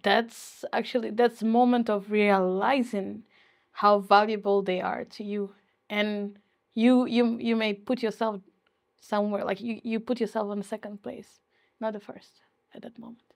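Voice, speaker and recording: A young woman from Ukraine in a personal interview, teary and emotional, speaking haltingly and often laughing. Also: mid-range voice, fairly even intonation, creaky.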